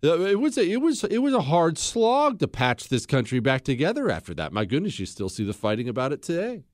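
A man's voice: fairly high pitch, wildly swooping pitch, a little fast, no echo, clean studio sound. A man hosting a talk show, giving an emphatic, blunt history monologue and repeating phrases for stress.

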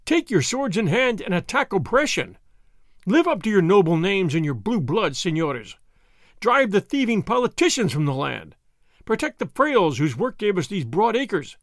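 Man voicing Zorro, a scornful masked highwayman. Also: big pitch swings, normal speed, no room sound, studio quality. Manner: lofty, declamatory and scornful. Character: bold masked male highwayman, scornful and commanding.

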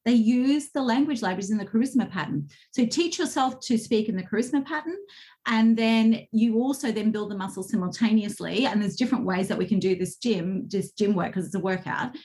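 A woman's voice: medium pitch, fairly quick, a little mellow. A woman coach telling stories animatedly in a casual interview, acting out quotes with bursts of laughter. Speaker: guest, communication coach.

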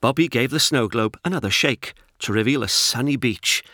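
A man reading a children's storybook aloud in an expressive, lively narration. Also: medium pitch, normal speed, dry recording, studio quality.

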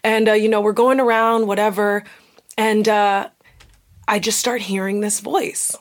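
A woman's voice: medium pitch, measured pace. A young woman hosting a casual talk show, telling a personal story candidly and acting out the voices of people in it. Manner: candid, animated, acts out quoted voices.

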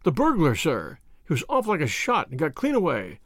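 A man's voice: a little high, wildly swooping pitch, normal speed, fairly bright tone, no echo, clean studio sound, full character voice. A man voicing a flustered, deferential country butler who delivers news in an agitated rush.

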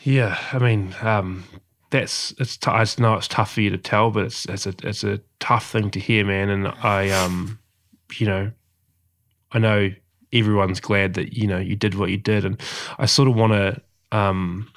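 A man hosting a podcast interview, asking questions gently and hesitantly with many pauses. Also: fairly low pitch, fairly even intonation. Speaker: podcast host.

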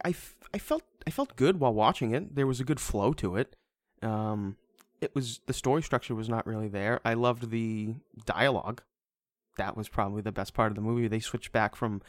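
A man's voice: mid-range voice, dry recording. A man in casual podcast chat reviewing a movie, rambling and stammering with frequent swearing. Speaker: podcast co-host.

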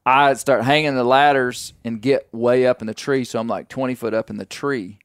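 A man's voice: medium pitch, steady tone, moderate pace, clear, resonant tone, dry recording, studio quality. Folksy Southern man hosting a podcast. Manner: folksy, rambling with fillers and restarts. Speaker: podcast host. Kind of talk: casual storytelling chat.

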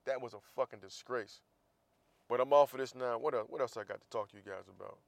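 A man's voice: mid-range voice, quick pace, vocal fry, no echo. A man hosting a casual opinion monologue, talking in a blunt, profane and heated way, with sarcastic asides. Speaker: podcast host.

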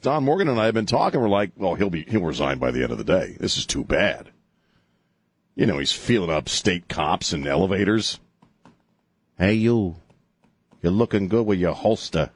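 A man's voice: on the low side, moderate pace, breathy edge, no room sound. A middle-aged man hosting a talk radio show, rambling and joking in casual banter from a studio mic. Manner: rambling, jokey, animated, lots of laughs and filler. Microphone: studio microphone.

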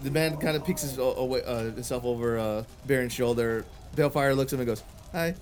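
A man's voice: medium pitch, steady tone, quick pace. A man narrating as game master of a tabletop game, casual, with many fillers.

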